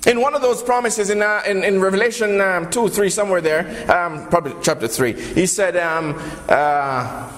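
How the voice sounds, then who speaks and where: A man's voice: sits high, normal speed, a bit bright. A man preaching a sermon, telling a parable and calling his listeners beloved. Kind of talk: sermon with storytelling. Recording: long reverb, faint background noise.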